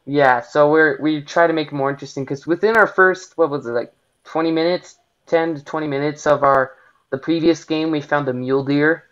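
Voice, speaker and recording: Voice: medium pitch, fairly quick, fairly bright tone, lo-fi sound. A young gamer giving casual gameplay commentary, giggling often and rambling with many fillers. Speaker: gaming video co-host.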